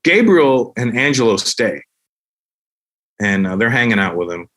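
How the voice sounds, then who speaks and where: A man's voice: medium pitch, measured pace. A man, a comedian, telling a long anecdote with profanity, acting out every line of dialogue. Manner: animated, profane, acts out the dialogue. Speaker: comedian guest. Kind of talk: comic storytelling anecdote.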